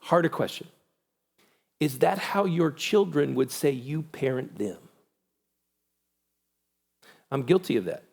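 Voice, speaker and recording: A man giving a church conference talk, animated, acting out quoted voices with big pitch jumps. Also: moderate pace, creaky, slightly rough. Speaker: conference speaker.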